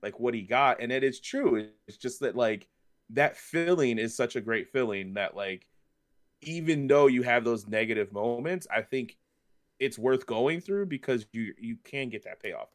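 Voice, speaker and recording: A man's voice: medium pitch, unhurried. A man co-hosting a podcast, chatting casually and telling stories with lots of fillers. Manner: rambling, animated storyteller with many fillers. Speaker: podcast co-host. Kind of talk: casual chat.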